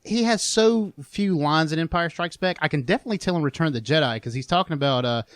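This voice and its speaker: A male podcast co-host in casual chat, laughing between quick asides. His pitch moves animatedly through each sentence, and the sound is dry and close. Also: animated, no room sound.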